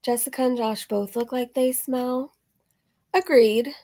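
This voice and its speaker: A woman's voice: high-pitched, steady tone, a little slow, warm tone. A woman hosting a reaction channel, chatty and sarcastic, laughing often, her voice a little strained. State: voice slightly strained from screaming. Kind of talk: casual reaction commentary.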